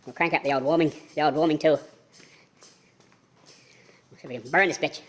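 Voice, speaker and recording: A man's voice: fairly high pitch, steady tone, brisk, a bit bright. A man joking to himself while giving casual commentary on restoring a car in his home garage.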